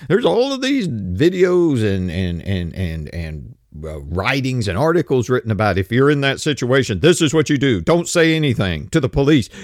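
A man's voice: medium pitch, very animated, moderate pace, dry recording, studio quality. A man in his fifties delivering a blunt, opinionated monologue, ranting and swearing casually. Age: 50s.

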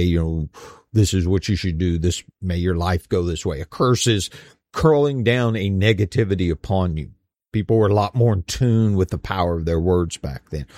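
A man's voice: low-pitched, darkish tone, no room sound, studio quality. A man teaching a Bible study in a casual, conversational way, with folksy slang and frequent "you know.".

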